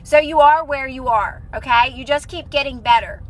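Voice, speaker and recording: A young woman with a high voice speaks at a moderate pace on a rough recording with slight background noise. She's a manifestation content creator chatting casually on a phone live stream, earnestly encouraging viewers as she rambles, restarts sentences and uses "like" over and over.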